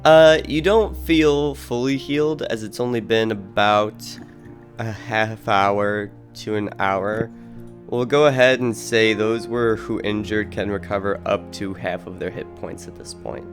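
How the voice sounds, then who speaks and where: Low-pitched guy narrating a tabletop game as game master, loose and filler-heavy. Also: measured pace, faint music behind. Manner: relaxed, loose narration with many "uh" and "kinda".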